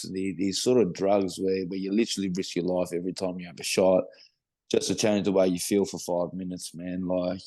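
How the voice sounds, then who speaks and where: A man's voice: low voice, warm tone, no echo. A middle-aged Australian man talking casually about recovery, rambling with lots of swearing and fillers. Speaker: guest in recovery. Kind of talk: casual podcast conversation.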